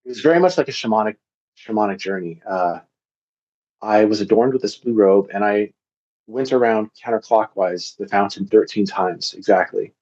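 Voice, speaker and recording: A low-voiced man with a husky, breathy tone, rambling earnestly through a strange personal story as a podcast guest. The audio is dull and lo-fi, as from a remote call. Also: normal speed, darkish tone. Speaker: psychic guest. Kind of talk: casual podcast conversation.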